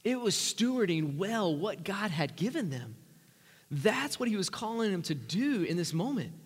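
A man preaching a sermon, emphatic, swinging from loud rising lines to quiet low asides. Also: sing-song, moderate pace, breathy edge, in a large hall.

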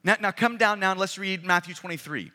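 Emphatic preacher with a high, bright voice. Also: male voice, fairly quick. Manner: emphatic, dramatic scripture reading. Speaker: pastor. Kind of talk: sermon. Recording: long hall reverb.

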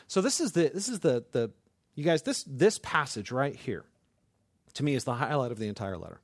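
A middle-aged male pastor preaching a sermon with passion, building to near-shouts and often restarting his sentences. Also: medium pitch, sing-song, fairly quick, dry recording.

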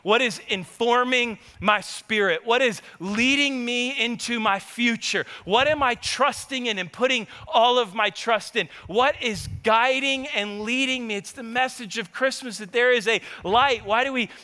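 A man with a high, bright voice preaches to his congregation, turning the sermon into lively, chatty storytelling. His voice rings through a long hall reverb in a church sanctuary. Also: measured pace, hardly any pauses. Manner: animated, conversational, engages the audience. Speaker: pastor.

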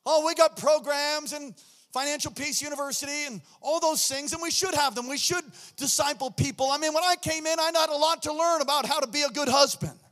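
A man preaching a sermon as a pastor, loud and impassioned, often shouting. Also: extremely high pitch, brisk. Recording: long hall reverb.

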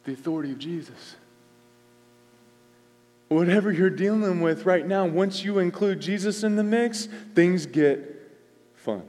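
Male pastor, high voice, emphatic sermon delivery, repeats lines, long hall reverb. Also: measured pace, pauses often. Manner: emphatic, repeats phrases, swings between loud and soft.

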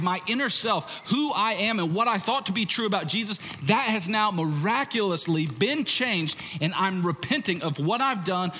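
A male pastor preaching an animated sermon, acting out quoted voices and swinging between loud and hushed passages. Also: high voice, in a large hall, slight background noise.

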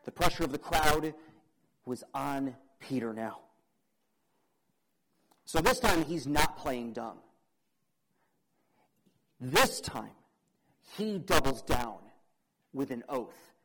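A young man preaching a sermon, dramatic, asking the audience questions and swinging between loud emphasis and quiet. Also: on the high side, low-quality recording.

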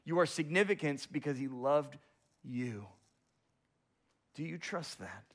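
A man's voice: a little high, expressive, unhurried. A man preaching a sermon as pastor, driving his points home with repetition and rhetorical questions.

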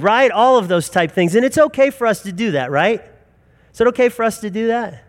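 A man's voice: high-pitched, expressive, brisk. A man in his forties preaching a sermon in an earnest, emphatic storytelling manner. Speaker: pastor.

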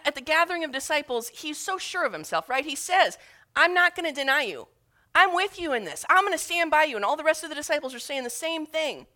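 This woman's high-pitched voice sounds pushed and bright as she preaches, recounting scripture alongside personal memories. She's earnest and emotional throughout, growing more intense whenever she makes an appeal.

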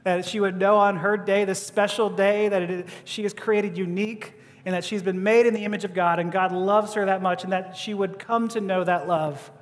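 A man with a high voice tells a story in a sermon, acting out each person's lines and stumbling into restarts. The sound carries the long reverb of a large hall. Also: normal speed, hardly any pauses. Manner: animated, acting out quotes, stammering restarts. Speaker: preacher.

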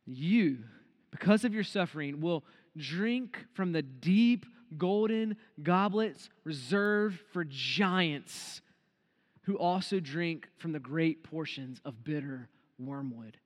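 A man with a high voice preaches an earnest devotional sermon. He slows right down to lean on key phrases. His voice trails off in a long reverb tail. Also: lively intonation.

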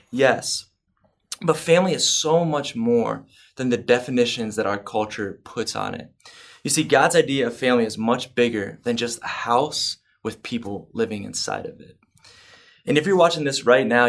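Male pastor, mid-range voice, earnest sermon delivery with rising excitement. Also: mid-range voice. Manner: earnest, building excitement, fillers like "um".

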